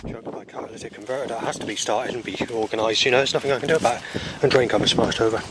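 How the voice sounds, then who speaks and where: A man's voice: mid-range voice, steady tone, rapid-fire, heavy background noise. Rambling man recording a street video diary. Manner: hesitant, restarts and repeats himself. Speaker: vlogger.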